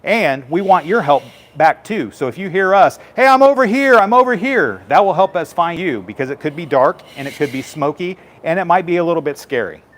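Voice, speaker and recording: A man's voice: on the high side, a little fast, few pauses. A man, a firefighter, giving a live station tour and patiently explaining equipment to children in simple terms.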